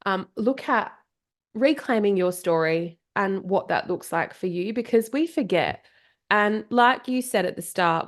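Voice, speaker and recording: An Australian woman in her thirties talks in a slightly low voice. She is a bit out of breath but keeps an energetic, emphatic guest's delivery, leaning on repeated phrases. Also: vocal fry. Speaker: podcast guest, marketing coach. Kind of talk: casual interview chat.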